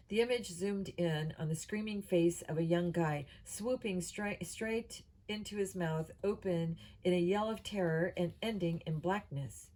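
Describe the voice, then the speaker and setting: A woman reading a children's novel aloud at a steady pace, with small slips and restarts. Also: on the low side, normal speed, few pauses, poor audio. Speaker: audiobook reader.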